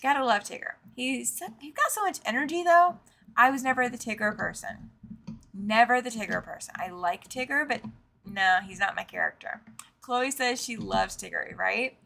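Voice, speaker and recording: Bright chatty woman hosting a live stream. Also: fairly high pitch, normal speed, vocal fry. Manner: chatty, reads out viewer comments, laughs easily; trails off and repeats phrases. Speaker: host of a live quilting show. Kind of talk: casual live-stream chat.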